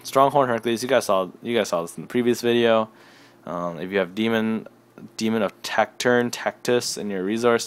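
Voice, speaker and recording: A tired young man casually reviewing trading cards from his desk, rambling and self-deprecating. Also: lowish voice. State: tired and yawning. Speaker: card game reviewer. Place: home desk.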